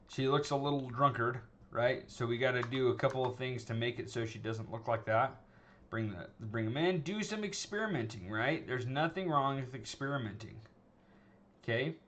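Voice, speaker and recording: A man of ordinary pitch talks through an animation lesson at his desk, loose and chatty, tossing in "okay?" and "right?" as he goes. Faint keyboard clicks sit quietly behind him. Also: dull audio, a little hiss or hum. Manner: conversational, frequent "okay?" and "right?" check-ins, self-correcting restarts. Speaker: animation instructor. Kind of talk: screen-recorded tutorial, casual teaching.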